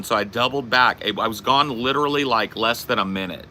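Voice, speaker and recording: A man's voice: medium pitch, a little fast, hardly any pauses, sharp tone, slight background noise. A man hosting a podcast, telling a casual anecdote with plenty of swearing. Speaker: podcast host. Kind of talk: casual storytelling chat.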